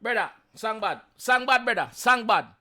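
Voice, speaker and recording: High, bright Jamaican man reacting. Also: lively intonation, normal speed. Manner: chatty, mixes in patois, chuckles often. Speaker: reaction video host. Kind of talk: casual reaction commentary.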